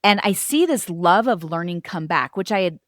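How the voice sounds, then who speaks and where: A middle-aged woman, a former teacher and homeschooling mother, telling her family's story in an interview, animated and acting out what others said. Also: fairly low pitch, normal speed, dry recording, clean studio sound. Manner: animated, acts out quoted voices.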